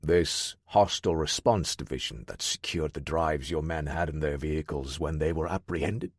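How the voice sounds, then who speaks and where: A man voicing a menacing male crime boss who speaks slowly and deliberately. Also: a bass voice, husky, no room sound, clean studio sound, voice pushed down, heavily acted. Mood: cold.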